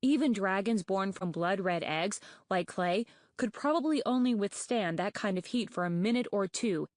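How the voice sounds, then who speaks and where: A woman voicing a nervous, bookish young male dragon in an audiobook, talking in anxious, rapid reasoning and stammers. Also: medium pitch, dry recording, studio quality, natural voice. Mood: incredulous. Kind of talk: audiobook character voice.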